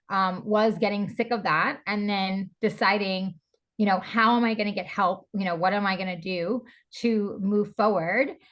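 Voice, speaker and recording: A woman being interviewed on a podcast, talking openly and from the heart, with lots of "like" and "you know" along the way. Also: mid-range voice. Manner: open and heartfelt, with frequent fillers like "like" and "you know". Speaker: podcast guest, stylist and breathwork coach. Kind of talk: candid conversational interview.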